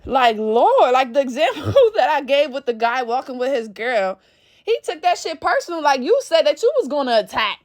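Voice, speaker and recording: A woman vlogger in a casual monologue rant, blunt and profane, telling everyday stories with animated energy. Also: high-pitched, moderate pace.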